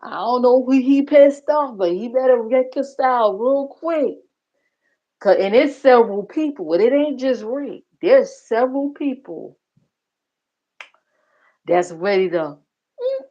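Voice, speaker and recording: A woman's voice: on the high side, animated, unhurried, pauses often, warm tone, highs cut off. Blunt, profane woman gossiping on a livestream. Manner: blunt, profane, gossipy, talks straight to viewers. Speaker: livestream reaction host. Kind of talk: casual commentary.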